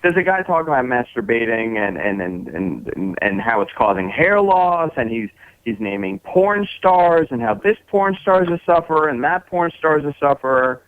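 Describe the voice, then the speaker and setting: Fed-up guy calling in, stammers, lively pitch, tinny phone line. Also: moderate pace, no room sound. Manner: exasperated, stammering. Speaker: caller, chat room owner. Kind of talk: phone call-in.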